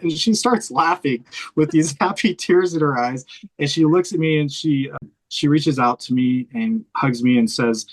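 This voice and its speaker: A man's voice: fairly high pitch, normal speed, poor audio. A man who works as a hospice chaplain, earnestly telling a heartfelt personal story in an interview, recorded in a room of a house. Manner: earnest, heartfelt, close to tears while telling it.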